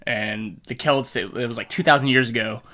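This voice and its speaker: A bright, forceful male voice chatting loosely on a podcast. He jokes around, leans on fillers like "like" and "uh", and laughs often. The tone stays casual and playful. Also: mid-range voice, brisk. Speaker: podcast co-host. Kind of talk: casual chat.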